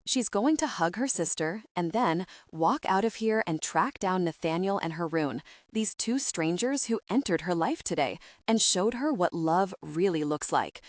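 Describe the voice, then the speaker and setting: A woman narrating a young adult audiobook in a measured, steady storytelling voice on a close studio mic. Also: fairly low pitch, dry recording. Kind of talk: scripted narration.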